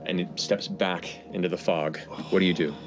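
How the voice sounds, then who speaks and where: A man's voice: low voice, steady tone, brisk, over music. A man narrating a tabletop game as game master, describing scenes with many fillers.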